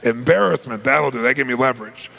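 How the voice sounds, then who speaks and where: A man's voice: medium pitch, fast, vocal fry, bright, forceful tone, in a large hall. A man giving a motivational seminar talk, telling stories and quizzing the audience. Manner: storytelling, asks the audience questions. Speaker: seminar speaker.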